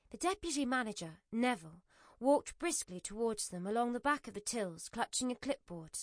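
A woman reads an audiobook in a measured, even storytelling voice. Her voice sits fairly high. The recording is close to a studio microphone and dry. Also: dry recording. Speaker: audiobook narrator. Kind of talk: scripted audiobook narration.

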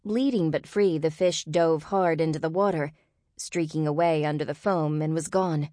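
A woman narrating an audiobook in a steady, expressive reading voice. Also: low-pitched, normal speed, no room sound, studio quality. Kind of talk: scripted narration.

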